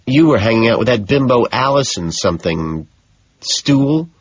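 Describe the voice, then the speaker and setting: A man's voice: medium pitch, lively intonation, normal speed, breathy edge, dry recording, voice pushed up. A man voicing a catty, bored young socialite. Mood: gossipy. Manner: drawling, gossipy and dismissive. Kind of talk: audiobook character voice. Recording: dull, dry lo-fi audio.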